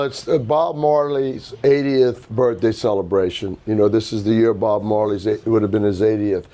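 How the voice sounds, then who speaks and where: A middle-aged man and record label founder telling an animated anecdote at an indoor hi-fi event, acting out quotes and swearing casually. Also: medium pitch. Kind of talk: casual storytelling interview.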